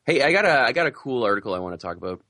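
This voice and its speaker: A man co-hosting a podcast, reacting laid-back with quick quips in casual chat. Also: mid-range voice, very animated, sharp tone, dry recording, clean studio sound. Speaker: podcast co-host.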